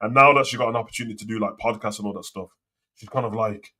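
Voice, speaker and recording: Young lad, sharp bright tone, live wrestling rant host, heavy swearing and slang. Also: male voice, on the low side, fast talker. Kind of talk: casual live commentary and rant.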